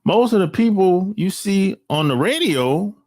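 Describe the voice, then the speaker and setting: Slow, animated man ranting. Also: high voice. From United States. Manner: slangy, blunt, drawn-out delivery with mocking asides. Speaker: vlogger. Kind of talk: casual opinion monologue. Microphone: cell phone.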